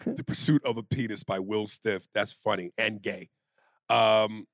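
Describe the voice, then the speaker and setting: A man co-hosting a crude comedy podcast, reading listener emails out loud, riffing loudly and slipping into put-on voices and beatbox chants. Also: lowish voice, fairly even intonation, a little slow, no room sound, clean studio sound. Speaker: podcast co-host.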